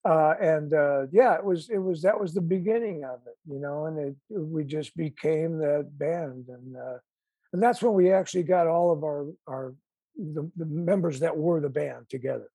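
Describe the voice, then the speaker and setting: Older guy with a chicago accent, mellow raspy voice, rambles and restarts a lot. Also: fairly high pitch, normal speed, dry recording. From Chicago, USA. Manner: rambling storyteller with many restarts. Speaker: guest musician. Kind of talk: casual interview chat.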